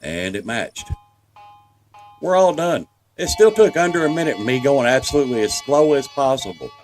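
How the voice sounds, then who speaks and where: A man with a Southern US accent talks viewers through a game as a relaxed guide. His delivery is folksy and reassuring, and his pitch is lively and expressive as he explains each step. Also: normal speed, soft background music. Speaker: gameplay guide. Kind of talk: walkthrough commentary over gameplay.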